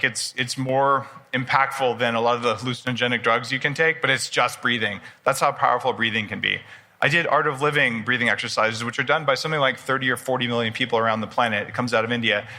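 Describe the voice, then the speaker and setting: A man's voice: mid-range voice, sharp tone. A man in his forties speaking before a live audience at a personal development expo, casual and enthusiastic, joking with the crowd. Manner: enthusiastic, conversational, jokes with the audience. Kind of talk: live conference talk.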